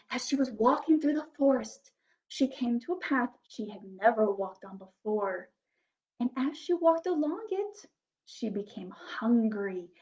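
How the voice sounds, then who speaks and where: A woman reading fairy tales aloud at children's story time, slow and animated, dropping to soft whispers. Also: sits high. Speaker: children's librarian. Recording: dull lo-fi recording.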